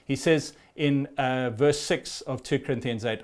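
A man's voice: mid-range voice, a little slow, few pauses. A middle-aged man, a pastor, preaching an earnest sermon with rhetorical questions to the congregation.

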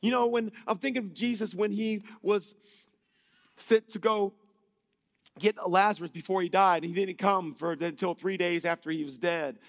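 Guy preaching, kinda high voice, loose and jokey, big reverb hall. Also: normal speed. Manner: conversational, joking, swings from loud to hushed. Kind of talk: sermon.

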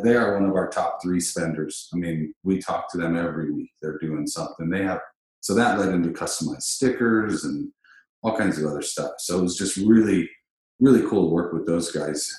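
A man with a very deep voice hosts a relaxed business chat and tells his stories with emphatic energy. His voice rings off the walls of a very echoey room. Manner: animated storyteller, emphatic. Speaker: podcast host.

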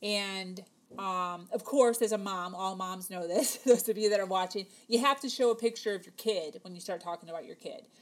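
A woman in her thirties chats with her viewers on camera, sharing a personal story. Her voice sits in the mid range at a normal pace, and she fills her talk with fillers while acting out the dialogue.

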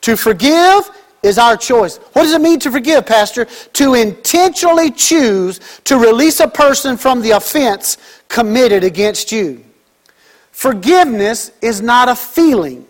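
A middle-aged male pastor preaching a sermon, swinging between loud emphatic lines and soft, drawn-out ones. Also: very high voice, animated.

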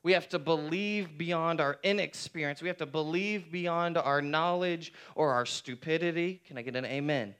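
Smooth-voiced conversational male preacher. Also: a little high, normal speed, hardly any pauses, fairly bright tone. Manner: conversational, repeats phrases for emphasis. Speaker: pastor. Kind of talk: sermon.

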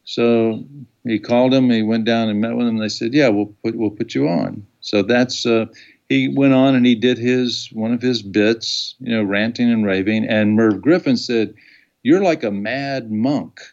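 A man's voice: mid-range voice, fairly even intonation, moderate pace, vocal fry, darkish tone, highs cut off. A man, a documentary filmmaker, telling rambling anecdotes in an interview and acting out the quotes. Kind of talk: casual storytelling in an interview.

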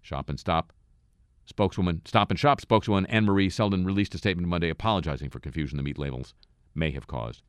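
A man hosting a satirical radio show who reads the news and drops wry, deadpan asides between items. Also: low-pitched, quick pace, smooth, no echo. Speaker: radio host.

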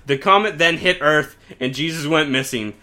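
Young male podcast co-host, bright tense voice, laughs through his storytelling, casual swearing. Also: on the high side, normal speed.

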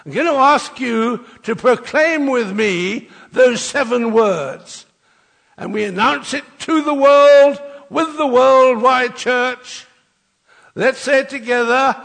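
Slow, gravelly older man preaching. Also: extremely high pitch, expressive, fairly bright tone, in a large hall. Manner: rousing, with call-and-response. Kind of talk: Easter sermon.

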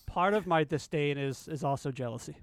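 A man co-hosting a podcast, talking about a book in casual chat, pausing to search for the right words. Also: on the high side, slight background noise. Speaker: podcast co-host. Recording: dry close mic, remote call.

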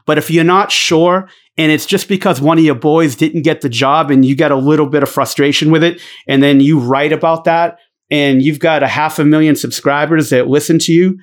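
A man's voice: on the high side, normal speed. A middle-aged man, a former basketball coach hosting a show, ranting bluntly with heavy swearing and lots of fillers and restarts. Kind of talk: profane casual rant.

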